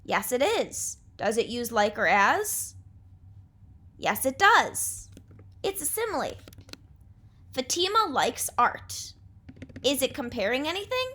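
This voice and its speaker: A young adult woman teacher gives a remote class lesson in a high voice with a sharp tone. She speaks clearly and patiently, with an encouraging delivery.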